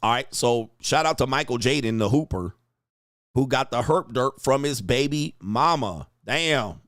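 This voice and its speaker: A man hosting a live stream, reading chat comments aloud and answering in brash, profane rants that climb loud and high, with bursts of laughter. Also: expressive, a little slow. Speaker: online talk show host reading chat.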